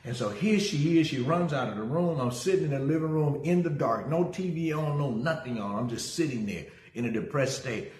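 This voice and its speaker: A man's voice: a little high, lively intonation, fairly quick, hardly any pauses, a little mellow. A middle-aged male pastor giving a casual livestream sermon. He talks energetically, greets viewers by name and tells a story from his own life. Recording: roomy echo.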